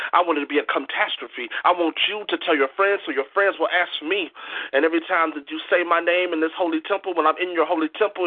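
A man's voice: a little high, husky. A man performing boastful spoken-word erotic poetry in a rhyming swagger. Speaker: guest poet. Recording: tinny phone line.

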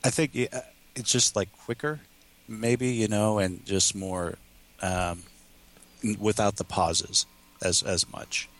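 Hesitant low-voiced guest. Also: male voice, a bit bright. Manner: hesitant, halting, many fillers. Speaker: podcast guest. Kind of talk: casual chat.

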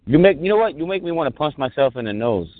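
Casting note: playful, teasing man on a group call, lively pitch swings, dry and phone-thin. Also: quick pace, no room sound. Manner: teasing, laughing, joking. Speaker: caller. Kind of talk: casual chat on a group call. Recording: tinny phone-like call audio.

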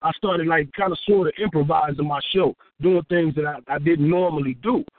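A man from Houston, a rapper, telling a story in a casual interview, profane and animated, acting out what people said. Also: fairly high pitch, fairly quick, no echo. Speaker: rapper and guest. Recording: tinny phone-like dry sound.

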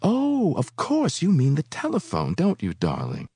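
A man's voice: on the high side, huge pitch swings, unhurried, warm tone, slightly rough, dry recording, studio quality, voice pushed up, full character voice. A man reading aloud and voicing a flirtatious, eager wealthy woman who coos and pleads breathlessly. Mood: cooing.

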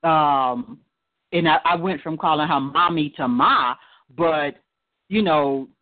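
A woman's voice: low voice, slow pace. A woman co-hosting a casual chat, speaking reflectively and laughing lightly between thoughts. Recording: tinny phone-like sound.

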